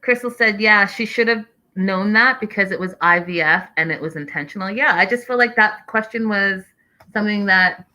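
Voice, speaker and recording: Chatty woman hosting a bright recap stream. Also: mid-range voice, normal speed, rough recording. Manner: chatty, reads out live chat messages. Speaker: host of a reality TV recap show. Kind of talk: casual live-stream recap with chat reading.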